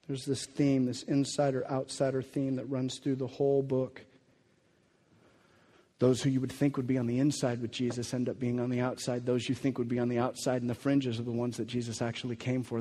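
A man preaching a sermon as a pastor, animated and acting out the voices of the people in his story. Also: mid-range voice. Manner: animated, acts out quoted voices. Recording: long reverb of a hall.

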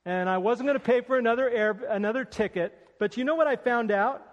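A man with a high voice preaches a sermon. He tells a personal story with self-deprecating humor. His voice rings with the long reverb of a large hall. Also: fairly quick, muffled recording. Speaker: pastor.

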